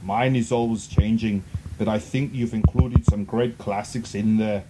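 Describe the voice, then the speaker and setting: A man putting on a gruff Austrian action-hero voice to read a listener review aloud on a podcast. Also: fairly even intonation, a little slow, background noise, close to an everyday voice. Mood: mock-serious. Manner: low heavy Austrian-style delivery.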